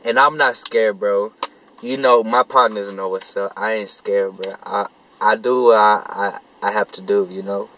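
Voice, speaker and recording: A man's voice: lowish voice, fairly even intonation, moderate pace, sharp tone, low-quality recording. A young man vlogging, telling a rambling story to camera in profane street slang.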